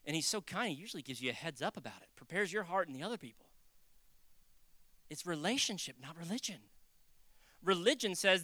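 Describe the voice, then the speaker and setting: Man, pastor, conversational sermon, bright forward voice, dry close sound, loud acted quotes and hushed asides. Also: high-pitched, animated, fairly quick, long pauses, no room sound.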